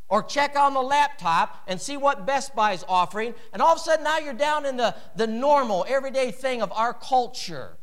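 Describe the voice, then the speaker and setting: A man preaching a sermon in a church, animated, with wide swings in pitch and loudness. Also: normal speed, hardly any pauses. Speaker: pastor.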